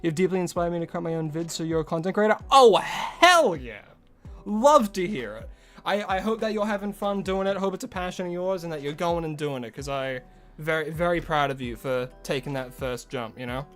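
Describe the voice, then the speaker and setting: Faint music plays behind a man live-streaming a game, his voice a little high and fast. He's getting over a headache as he chats loosely with viewers, greeting them by name and rambling about his setup with offhand asides.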